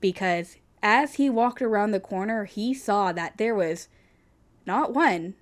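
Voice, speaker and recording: Young woman podcast co-host, casual storyteller, chatty and profane, mid pitch. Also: measured pace. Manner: chatty, lots of "like" and swearing for emphasis. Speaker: podcast co-host telling urban legends.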